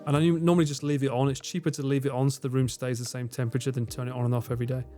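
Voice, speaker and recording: Racing along in a level, mid-range voice with music in the background, a British man in his forties answers viewer comments on his livestream. He's in a room at home with air conditioning on, keeping it casual, swearing plenty and laughing often.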